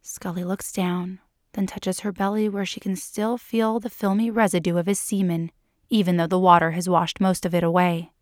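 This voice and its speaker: A woman narrating a story for a podcast in a calm, unhurried reading voice. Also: fairly low pitch, no room sound, clean studio sound.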